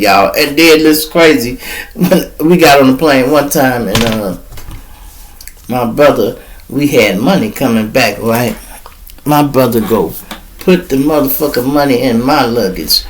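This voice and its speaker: A man's voice: mid-range voice, unhurried, slight background noise, poor audio. A middle-aged man telling a profane story as host of his show, acting out the quoted voices. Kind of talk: storytelling monologue.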